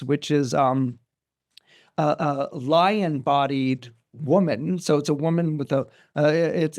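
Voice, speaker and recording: A man, a guest astrologer, retelling a myth in a casual, animated way with many restarts and asides. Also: on the high side. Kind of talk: casual podcast storytelling.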